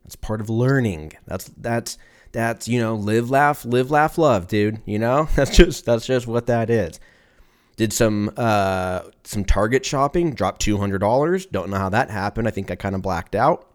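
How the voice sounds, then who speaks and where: Man, 30s, fairly low pitch, podcast host, rambling casual chat, swears a lot, laughs at own jokes. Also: a little slow.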